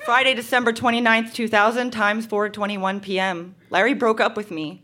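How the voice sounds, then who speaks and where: A woman's voice: on the high side, brisk, few pauses, bright, forceful tone. A woman reading her teenage diary aloud to a live audience on a stage, with melodramatic delivery. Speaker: reader at a live show. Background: audience laughter.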